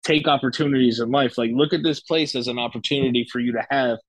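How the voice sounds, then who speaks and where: A man's voice: medium pitch, steady tone, fast, dry recording, low-quality recording. Young man telling a loose story. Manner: loose, profane, lots of fillers and restarts. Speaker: guest. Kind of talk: casual storytelling.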